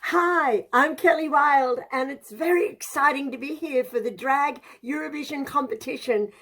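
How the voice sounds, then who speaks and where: A woman's voice: high-pitched, moderate pace, fairly bright tone. A woman on a jury, effusively praising the acts before announcing her votes. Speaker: guest jury member.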